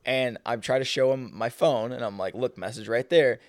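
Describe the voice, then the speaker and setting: A young man co-hosting a casual podcast, telling a story with lively reenacted dialogue and cursing. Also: mid-range voice, moderate pace, no echo, studio quality. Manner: animated, reenacts dialogue, swears. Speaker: podcast co-host.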